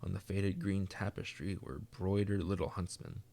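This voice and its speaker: A man reading a classic story aloud as audiobook narration, in a measured storytelling manner. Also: low voice, steady tone, vocal fry, mellow. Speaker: reader.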